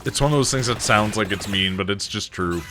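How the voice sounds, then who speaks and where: Guy with a bright low-ish voice cracking dry blunt asides while gaming. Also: brisk, faint music behind. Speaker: streamer co-host. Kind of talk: casual chat while gaming.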